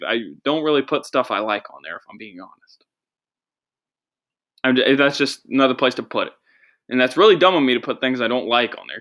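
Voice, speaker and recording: A man's voice: mid-range voice, sharp tone. A young adult man hosting his own podcast, rambling through a jokey, self-deprecating solo monologue in a small studio with a producer. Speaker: podcast host and comedian.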